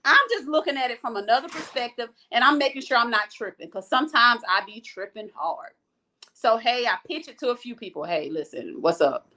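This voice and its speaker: A woman hosts a casual livestream in a fairly high voice. She speaks frankly and with energy, right to her viewers, and reads out their comments as she goes. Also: a little fast. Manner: frank, animated, talks straight to the viewers. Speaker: host of a live chat show.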